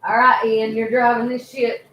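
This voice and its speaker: A woman's voice: fairly high pitch, little pitch movement, moderate pace, fairly bright tone, reverberant, lo-fi sound. A woman hosting a casual live stream, loose and swearing freely while she chats with viewers and fusses over her pets. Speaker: livestream host.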